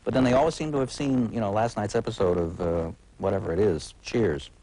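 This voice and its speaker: A man in his forties with a very low, deep voice talks as a guest in a TV studio. His speech is wry and halting, full of restarts and uh's. He has a casual, conversational way of talking. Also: dark tone, poor audio. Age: 40s. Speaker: TV critic guest. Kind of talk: casual talk-show conversation. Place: TV talk show studio.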